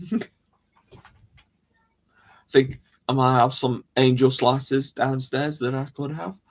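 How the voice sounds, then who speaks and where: A man's voice: medium pitch, little pitch movement, measured pace. A man hosting a live chat stream, rambling casually, laughing often and restarting his sentences. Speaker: livestream host.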